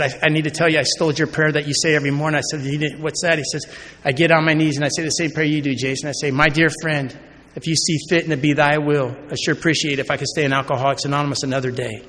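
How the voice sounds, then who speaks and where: A man's voice: on the high side, fairly even intonation, fast talker, a bit bright. A man from Oregon giving a personal recovery talk at a convention. He tells his story by acting out conversations and often checks in with the crowd by asking "right?". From Oregon, USA. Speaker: recovery meeting speaker. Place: large convention hall. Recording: long hall reverb, faint background noise.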